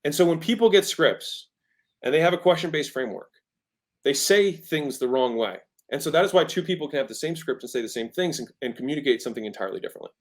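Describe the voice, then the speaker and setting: A man's voice: on the high side, expressive, quick pace. A man in his thirties, a podcast guest talking casually about sales, emphatic and often shifting his tone to make a point. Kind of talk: conversational teaching about sales.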